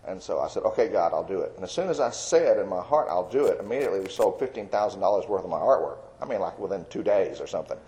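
A middle-aged man from Texas telling his personal faith testimony in a folksy, storytelling way, with frequent restarts and soft chuckles. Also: deep voice, expressive, quick pace, hardly any pauses, poor audio. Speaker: Christian artist giving testimony.

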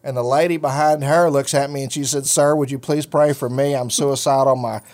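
A man's voice: medium pitch, steady tone, a little fast, a little mellow. A middle-aged man hosting a ministry talk show, telling a personal faith story in a folksy, rambling way with many fillers. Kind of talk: casual storytelling chat.

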